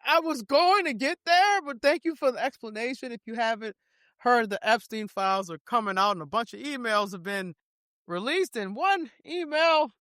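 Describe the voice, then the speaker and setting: A man co-hosting a podcast, talking in loud, animated casual banter, often laughing. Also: very high voice, normal speed, dry recording, studio quality. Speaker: podcast co-host.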